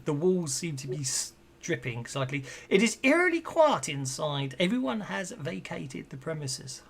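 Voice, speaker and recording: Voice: mid-range voice, big pitch swings, normal speed, vocal fry, husky. Rambling GM, self-correcting narration. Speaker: game master. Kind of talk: narrating a tabletop game.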